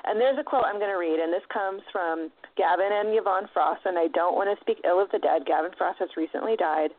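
A woman with a lowish voice speaks fairly quickly in a casual discussion, passionate and emphatic, swearing freely as she makes her points. The recording is dry, narrow and phone-like, with no room sound.

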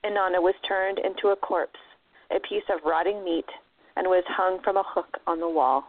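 A woman's voice: on the low side, fairly even intonation, moderate pace, dry recording. A woman casually retelling an old myth, slipping into playful voices for the characters. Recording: tinny phone-line audio.

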